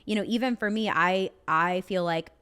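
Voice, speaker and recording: A woman's voice: mid-range voice, moderate pace, fairly bright tone, smooth. A young woman co-hosting a casual podcast chat, talking openly and emotionally with many "like" fillers. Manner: chatty, frequent "like" fillers, emotional. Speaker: podcast co-host.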